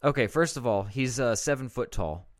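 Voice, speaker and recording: A man's voice: medium pitch, normal speed, over a noisy crowd. A young man co-hosting a podcast, chatting casually, rambling and laughing often. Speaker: podcast co-host. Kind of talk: casual chat.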